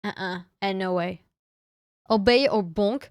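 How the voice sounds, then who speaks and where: Young adult woman, VTuber streamer; unhurried, teasing delivery with stumbles and restarts, dry close sound. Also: medium pitch, no room sound. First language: French. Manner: playful teasing, frequent restarts and fillers. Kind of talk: casual livestream chat.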